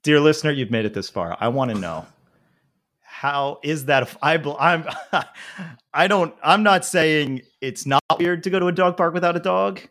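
A man in his thirties from the New York area, co-hosting a podcast in playful, animated casual chat. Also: a little high, moderate pace. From New York tri-state area. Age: 30s. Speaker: podcast co-host.

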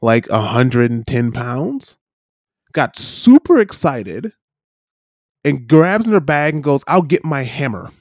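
A man co-hosting a casual talk show, telling stories in a lively way, acting out the voices he quotes and checking in with "right?". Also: medium pitch, slow pace, pauses often, no room sound, studio quality. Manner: animated storyteller, acts out quoted voices, many "right?" tags. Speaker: podcast co-host. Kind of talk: casual chat, storytelling. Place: lives in New Zealand.

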